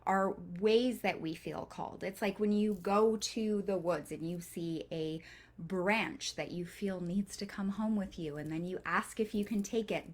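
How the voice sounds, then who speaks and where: A woman leading a live online workshop from home, talking casually with fillers, restarts and the odd swear word. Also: mid-range voice. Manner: casual and chatty, loose with swearing; rambling, with frequent fillers and restarts. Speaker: coven workshop leader.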